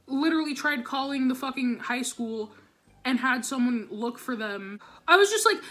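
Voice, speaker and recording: A teenage girl tells a storytime vlog, ranting with heavy profanity and constant "like" fillers. Her voice is high, bright, and forceful, with lively intonation at normal speed. It's recorded on a camera or phone mic, with soft background music.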